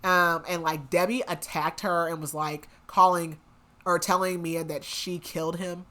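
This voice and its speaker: This young woman's somewhat low voice has a sharp tone, and her delivery is flat and a little slow as she recaps a story on a book podcast. She chats and rambles with plenty of "like" and "um," acting out the characters' quotes.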